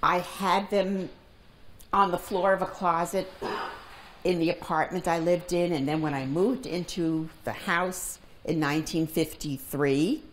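Woman in her nineties, low voice, calm unhurried storyteller for an oral history. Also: a little hiss or hum. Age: 90s. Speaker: interviewee. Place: library reading room.

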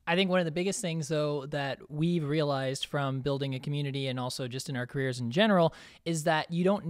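A man's voice: fairly high pitch, no room sound, clean studio sound. A man hosting a casual podcast conversation in a room, speaking in a reflective, encouraging way. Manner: reflective, encouraging, with frequent restarts. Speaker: podcast host. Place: room in Nashville.

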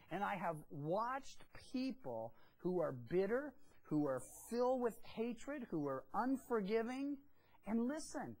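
A woman preaching a sermon to a congregation, speaking at a middle pitch. She tells the scripture as a story, acting out each character's lines with big swings in tone. Between the scenes she drops in casual, humorous asides. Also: rough recording. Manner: lively storytelling, acting out the dialogue of biblical figures. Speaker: Bible teacher.

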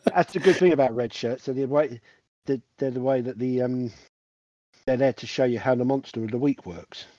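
A man chats and jokes as a tabletop game player, tripping over his words as he restarts. The sound is dry and close, at an ordinary pitch. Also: moderate pace, warm tone, no echo, lo-fi sound. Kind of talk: casual chat in a tabletop game.

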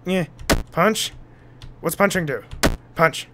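A young man doing let's play commentary, frantic and yelling in mock panic, then calming down. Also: on the high side, moderate pace, long pauses, very noisy. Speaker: gaming YouTuber.

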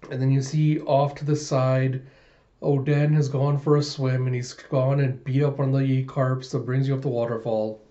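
A man casually reviewing a comic chapter, retelling scenes with chuckles and animated voices, on a slightly dull recording. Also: mid-range voice, normal speed. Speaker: manga reviewer.

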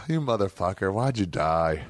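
A man's voice: sits low, big pitch swings, measured pace, dry recording, clean studio sound. A man hosting a podcast, telling a long rambling story in casual, profane talk, often correcting himself mid-sentence. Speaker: podcast host.

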